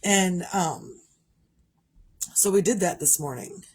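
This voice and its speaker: A woman's voice: fairly low pitch, takes it slowly, darkish tone, slightly rough. A middle-aged woman talking candidly in a rambling, casual vlog monologue. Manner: rambling, candid, conversational with frequent restarts. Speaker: parent vlogger.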